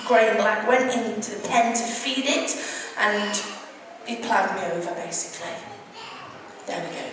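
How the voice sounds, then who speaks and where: A woman's voice: medium pitch, normal speed. A woman introducing herself to an audience, bubbly and self-mocking, pulling the crowd in, recorded from far off in a large hall. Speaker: chorus leader and saxophonist. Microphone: camcorder far from the stage. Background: audience chatter and room noise.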